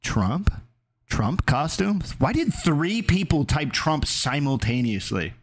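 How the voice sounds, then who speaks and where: A man streaming and chatting casually, riffing loosely and reading his chat out loud. His voice sits somewhat high and jumps around a lot in pitch. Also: sing-song, takes it slowly. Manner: riffs loosely, reads chat aloud.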